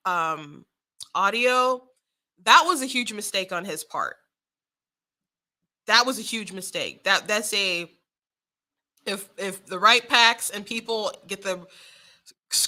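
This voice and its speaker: A woman's voice: mid-range voice, sharp tone. A young woman giving casual political commentary, chatty, often laughing and restarting her sentences.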